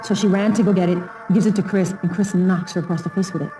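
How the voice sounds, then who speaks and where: A middle-aged woman recalling family events in a documentary interview, animated, acting out quotes and laughing often. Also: fairly low pitch, quick pace, music in the background.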